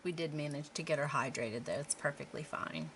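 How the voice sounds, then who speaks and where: A woman's voice: low-pitched, animated, a little fast, a bit bright, slight background noise. A middle-aged woman from Western Pennsylvania, chatting casually and rambling while she paints a canvas. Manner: chatty, rambling, self-deprecating asides. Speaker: craft vlogger.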